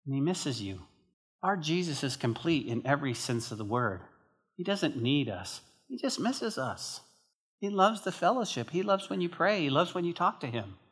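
A man from northern New Mexico delivers a sermon with lively, emphatic energy. His voice sits a little higher than most men's, and he talks to the congregation in a conversational way. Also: slightly rough. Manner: animated, emphatic conversational preaching. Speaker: pastor. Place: church.

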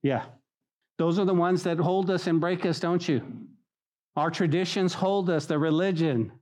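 A man preaching a sermon to a congregation, animated and conversational, acting out the voices he quotes. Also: fairly high pitch, moderate pace. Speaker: pastor. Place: church hall.

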